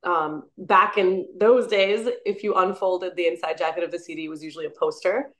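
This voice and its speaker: A woman's voice: fairly low pitch, steady tone, brisk. A woman in her thirties, a musician and actor, chatting enthusiastically in an interview and laughing often. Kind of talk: casual interview chat.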